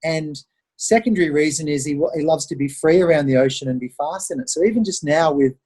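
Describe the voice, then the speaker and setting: A middle-aged Australian man, a podcast guest, telling stories in an animated, conversational way and acting out the voices of the people he quotes. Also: fairly high pitch, quick pace, slightly rough. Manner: animated storyteller who acts out quoted voices. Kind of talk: conversational interview storytelling.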